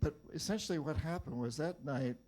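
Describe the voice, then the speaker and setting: A man's voice: a little high, brisk, a little mellow. An older man from New Hampshire gives a storytelling talk to a live audience. He tells wry anecdotes and often stumbles over and repeats his words. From New Hampshire, USA. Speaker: author giving a talk.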